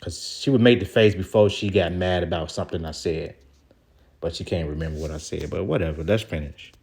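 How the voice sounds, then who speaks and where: A man with a very low voice vents to his camera about a falling-out. His talk wanders and doubles back, aggrieved and loose, with casual swearing. It sounds like a personal vlog monologue. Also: fairly quick, vocal fry, a little mellow, slightly rough. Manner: rambling and aggrieved, with casual profanity. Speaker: vlogger. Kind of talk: venting vlog monologue reading out texts.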